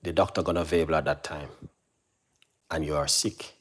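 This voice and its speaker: A man's voice: fairly even intonation, brisk, slightly rough. A man speaks casually to his audience. He is earnest and repetitive, circling back with "you know what I mean" as he encourages them. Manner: mimics receptionists in a higher voice. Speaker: channel host. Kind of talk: casual motivational talk to camera.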